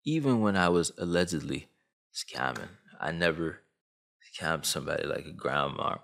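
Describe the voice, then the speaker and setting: Animated young man ranting. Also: moderate pace, creaky. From Canada. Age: 20s. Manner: animated, swooping pitch, slangy. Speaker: YouTuber. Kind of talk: comedic commentary rant.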